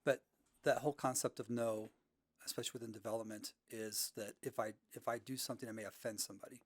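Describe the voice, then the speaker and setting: A man's voice: mid-range voice, fairly even intonation, fast talker, no room sound. A man speaking earnestly in a casual podcast conversation.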